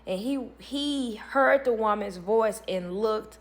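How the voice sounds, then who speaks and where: A woman's voice: a little high, slow pace. A young adult woman retelling a story casually, animatedly voicing the people she quotes. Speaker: storytelling host of an advice channel.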